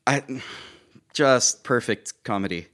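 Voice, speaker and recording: Casual podcast co-host, male, mid-pitched, dry sarcastic recapper who swears freely. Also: expressive, slow, fairly bright tone. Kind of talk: casual movie recap chat.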